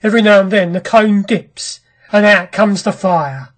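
A narrator voicing a brisk, commanding ironworks owner. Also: medium pitch, steady tone, slight background noise, close to an everyday voice. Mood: curt. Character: ironworks owner, a grim restless man. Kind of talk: audiobook character reading.

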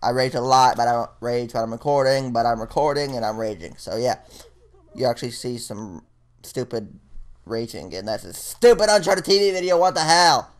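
A man's voice: medium pitch, animated, normal speed. A young man ranting and swearing angrily while commentating live on a shooter game. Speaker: gaming commentator. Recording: music and gunfire behind.

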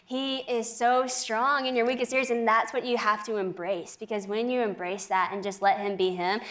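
A woman's voice: a little high, steady tone, normal speed, fairly bright tone. A young woman on a faith talk show, telling a personal story earnestly, with frequent "like" and small laughs. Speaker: guest speaker.

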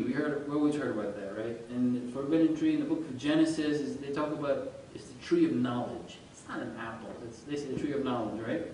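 High-voiced man lecturing in an echoey room. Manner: animated, quizzes listeners, chuckles. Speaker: religious study teacher. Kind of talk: informal lecture to a group. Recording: very echoey room, far from mic, faint rumble.

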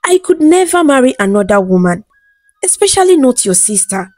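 A woman's voice: high-pitched, big pitch swings, normal speed, a little mellow, dry recording, faint music behind, pitched above the performer's own voice. A woman reading the lines of a devoted young husband in an audiobook-style folktale, earnest and loving. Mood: firm.

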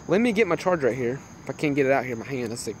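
A young man casually chatting with viewers on a livestream while playing a phone game, excitable and laughing often. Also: medium pitch, slight background noise. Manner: excitable, laughs a lot, greets chat viewers. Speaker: livestream gamer.

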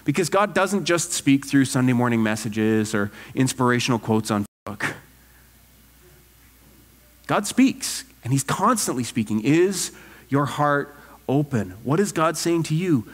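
A man, a pastor, preaching an earnest, animated sermon full of rhetorical questions. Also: medium pitch, measured pace, big-room sound. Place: church sanctuary.

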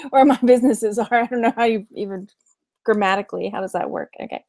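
A woman's voice: fairly high pitch, moderate pace, darkish tone, no room sound, clean studio sound. A woman in her thirties with a Texan accent, chatting casually on a live stream, giggling often and reading viewer comments aloud. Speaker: vlog host, reseller.

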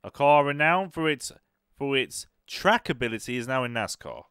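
A folksy, boastful Southern American man, put on by a gamer with a deliberately exaggerated drawl and a sarcastic edge. His voice sits at a medium pitch, louder and a little higher than the speaker's usual talk. Faint music plays behind him. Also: lively intonation, clear, resonant tone, no room sound, clean studio sound, lightly acted. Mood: mock-earnest.

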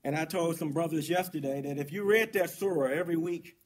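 Imam guy preaching friday sermon, punchy, says things over and over. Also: fairly quick. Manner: emphatic, repeats phrases, rising to stress points then dropping low. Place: mosque.

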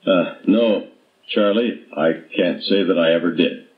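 A man's voice: sits low, a little slow, pitched below the performer's own voice. A man doing a stammering, terrified teacher. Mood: cowed. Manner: stammering, breathless, cowed. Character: frightened middle-aged male teacher. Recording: dull muffled audiobook playback.

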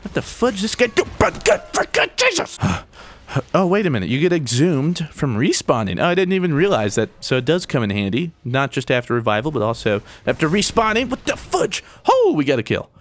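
A man giving jokey, excitable gameplay commentary, full of mild exclamations. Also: on the high side, a little fast, a little hiss or hum. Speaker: gaming YouTuber.

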